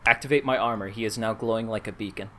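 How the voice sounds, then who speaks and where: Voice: mid-range voice, fast talker, a bit bright, slight background noise. A player in a tabletop game who explains rules in detail and laughs easily. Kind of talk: casual tabletop game play.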